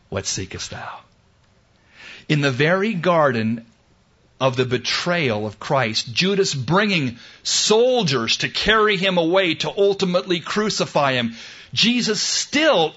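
Dramatic preacher man, bright dull recording. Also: fairly high pitch. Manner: dramatic, swings from loud exclamations to hushed tender quotes. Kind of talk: sermon.

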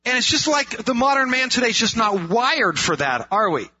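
A man's voice: extremely high pitch, sing-song, moderate pace, sharp tone. A man preaching a sermon in an earnest way, asking rhetorical questions and repeating phrases for emphasis. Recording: dull lo-fi sound.

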